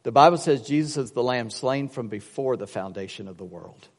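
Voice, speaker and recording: A pastor with a medium-pitched voice preaches at a brisk pace, telling animated stories and acting out voices in his jokes. The recording has long hall reverb.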